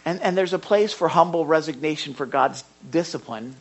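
In a slightly high, expressive voice at normal speed, an older man preaches a conversational sermon as a pastor. He acts out brief exchanges and alternates between booming and quiet delivery.

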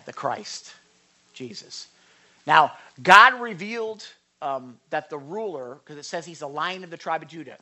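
A pastor with a high, bright, forceful voice delivers a sermon, talking with his congregation conversationally and repeatedly checking that they're following along. His earnest tone builds into passionate emphasis.

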